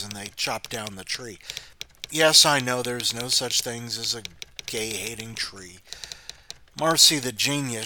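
A man's voice: medium pitch, pushed and bright, slight background noise, rough recording. A man hosting his own short podcast, reading a brief story aloud with dry, self-deprecating asides and a few stumbles over his words.

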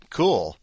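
A man's voice: mid-range voice, breathy edge, dry recording. A man hosting a podcast in a rambling, self-interrupting way with wry asides. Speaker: podcast host. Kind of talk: rambling casual chat.

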